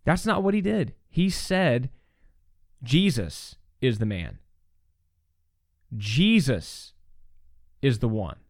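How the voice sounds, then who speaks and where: Speaking slowly in a mid-range voice and pausing often, this man is recorded dry in studio quality. He is a podcast host teaching scripture conversationally, earnest and animated, with many restarts and asides of "right?"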